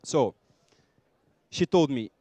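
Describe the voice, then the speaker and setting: A man with a Brazilian accent giving a lively conference talk, acting out small scenes and joking with the audience. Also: medium pitch, slow pace, dry recording. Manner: lively, acts out little scenes and jokes with the audience. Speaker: conference speaker.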